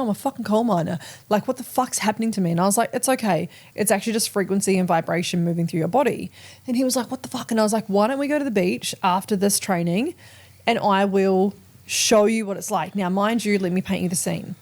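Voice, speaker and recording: Lively, foul-mouthed Australian woman. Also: mid-range voice, fast talker. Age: 30s. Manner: lively, swears freely, acts out quoted voices. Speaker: podcast host. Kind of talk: casual storytelling chat.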